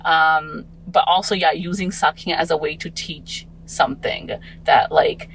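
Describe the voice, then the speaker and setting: A mother or father figure, a woman in her forties, rambles thoughtfully on a casual podcast as a guest, full of fillers. Her low voice is fairly bright, with fairly even intonation and a measured pace, on a low-quality recording with a little hiss or hum.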